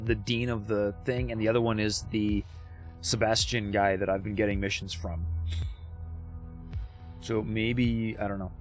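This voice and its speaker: A man casually commentating his game on a livestream, chatty and thinking aloud. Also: mid-range voice. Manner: chatty, thinking aloud, many restarts and fillers. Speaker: streamer.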